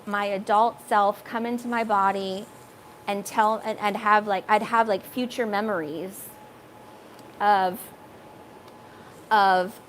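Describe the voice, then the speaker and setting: A woman talks through childhood memories in a loose, rambling way. She stops and restarts often, filling the gaps with "um" and "you know". Faint background noise sits under her voice. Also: medium pitch. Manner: rambling, halting, many fillers and restarts. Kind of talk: personal storytelling.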